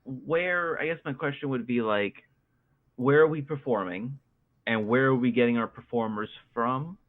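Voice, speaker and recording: A man who runs the game, chatting casually in a relaxed, joking way and stumbling over his words. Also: mid-range voice, normal speed. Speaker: game master. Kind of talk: casual chat. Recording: tinny phone-like call audio.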